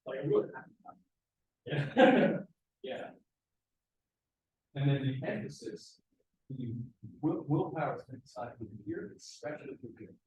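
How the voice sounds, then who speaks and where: A man coaching a martial arts seminar, giving quick praise and short corrections to students. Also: medium pitch, lively intonation, dark tone. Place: martial arts school, indoors. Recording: echoey training hall.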